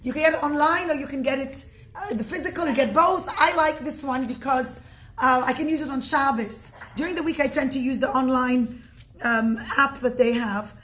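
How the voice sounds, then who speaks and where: A woman's voice: sits high, moderate pace, fairly bright tone, slight background noise. A woman giving an informal religious talk, telling stories earnestly and often restarting and correcting herself. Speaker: religious teacher.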